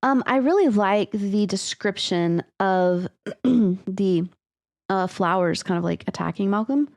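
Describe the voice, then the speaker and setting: A woman's voice: medium pitch, slow pace, darkish tone, dry recording. A woman co-hosting a podcast, chatting casually about a story and agreeing often. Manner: friendly, agreeable, frequent affirming murmurs. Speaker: podcast co-host. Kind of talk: casual book-club chat.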